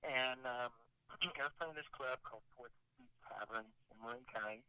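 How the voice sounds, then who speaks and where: A man's voice: mid-range voice, moderate pace, bright, forceful tone, clean tone, no echo, low-quality recording. A man, a rock singer calling in as a guest, telling stories in a rambling way with many restarts and asides. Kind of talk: casual interview storytelling.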